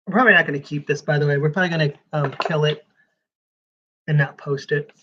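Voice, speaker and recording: A man's voice: on the high side, fairly even intonation, fast talker, muffled recording, background noise. A man giving rambling live-stream commentary while flipping through a comics preview magazine, with sarcastic asides.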